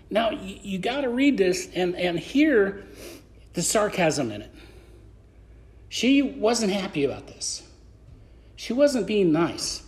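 A man's voice: high-pitched, sing-song, takes it slowly, a little mellow. A man preaching a conversational sermon on a podcast, acting out scripture scenes in voices.

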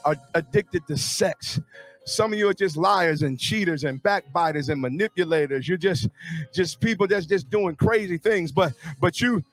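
A man preaching a sermon to an outdoor congregation, fervent and building to shouted exclamations. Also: a little high. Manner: fervent, rising to shouted exclamations with call-and-response. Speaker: pastor. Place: outdoors, parking lot service.

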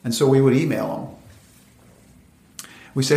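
A man, a company founder, telling stories in an interview and acting out quoted dialogue in lively voices. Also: medium pitch, normal speed, creaky. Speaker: venture capital founder, interview guest. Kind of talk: conversational storytelling interview. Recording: roomy echoey room.

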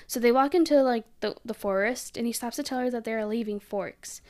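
Young woman co-host, slightly high pitch, animated casual movie recap. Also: fairly quick. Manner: animated, giggly, lots of "like". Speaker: podcast co-host.

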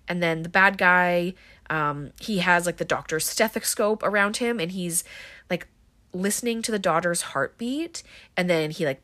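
A woman's voice: on the low side, fairly bright tone. A woman casually recapping a film scene by scene, chatty and full of likes and ums. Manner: chatty, filler-heavy retelling with frequent likes and ums.

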